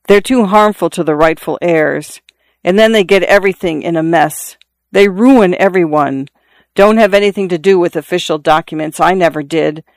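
A reader plays a dying father in his forties, pained and breathless. He presses his point over and over, insistent and confiding. The voice stays smooth and dry, close to the mic. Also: medium pitch, no room sound, close to an everyday voice. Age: 40s. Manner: earnest, insistent, repeats himself. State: in pain, out of breath. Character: dying middle-aged father, urgent and confiding.

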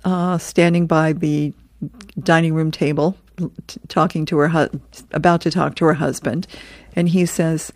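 A woman's voice: sits low, steady tone, measured pace, long pauses, darkish tone, dry recording, studio quality. Woman radio host reading the comics. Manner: chuckling, casual reading with restarts.

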